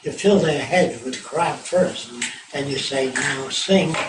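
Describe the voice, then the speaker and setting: A man's voice: medium pitch, slow pace. An older man giving an informal public talk on tour, blunt, profane and sardonic. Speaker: lecturer on tour. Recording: echoey hall from far off, noisy.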